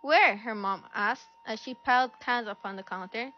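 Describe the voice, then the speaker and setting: A woman's voice: a little high, fairly even intonation, moderate pace. A woman reading a children's story aloud, shifting her voice a little for each character. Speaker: storybook reader. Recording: dull lo-fi recording with faint music.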